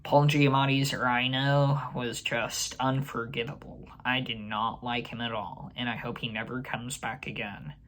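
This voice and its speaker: A man's voice: mid-range voice, level tone, measured pace, few pauses, a bit bright, slight background noise. A man hosting his own movie channel, giving a chatty, opinionated ranking to camera with fillers and restarts. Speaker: movie review channel host. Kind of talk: casual ranking commentary to camera.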